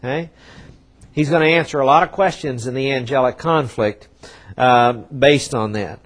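A man preaching a sermon, emphatic, with dramatic pauses and swings in loudness, acting out quoted prophets in a conversational voice. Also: medium pitch. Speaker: pastor.

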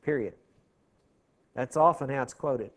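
A man's voice: mid-range voice, a little slow. A man teaching a Bible class verse by verse, explaining word meanings and often checking in with his listeners. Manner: explanatory, asks the class "okay?" often, clears throat.

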